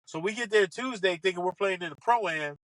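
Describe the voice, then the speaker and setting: Lively comic man telling stories, bright tone. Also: high-pitched, brisk, dry recording, low-quality recording. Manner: animated, excitable, acts out quoted lines. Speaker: podcast guest, comedian and golf broadcaster. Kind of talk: casual comic storytelling.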